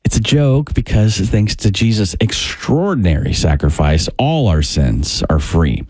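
A man hosting a program, reading a scripted outro in a lively, friendly way. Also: lowish voice, a little slow, slight background noise. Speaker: program host.

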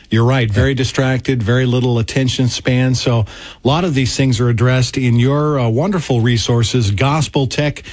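A man's voice: medium pitch, darkish tone, no echo. A male radio host interviewing a guest in a friendly, conversational way. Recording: dry studio with faint music.

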